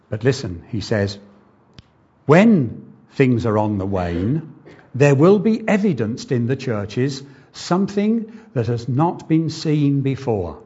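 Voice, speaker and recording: A man preaching a sermon, slow and earnest, asking the congregation rhetorical questions. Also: a little high, warm tone, slightly rough, lo-fi sound. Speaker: pastor.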